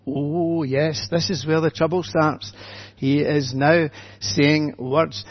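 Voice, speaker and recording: An older man, a minister giving a gentle, chatty children's talk in church with light humour. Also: a little high, fairly even intonation, slow pace, dull audio.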